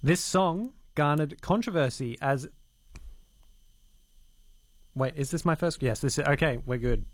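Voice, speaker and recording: A man's voice: on the high side, animated, measured pace, pauses often, no echo. Dry-sounding man quiz master. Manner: upbeat, playful. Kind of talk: casual radio chat.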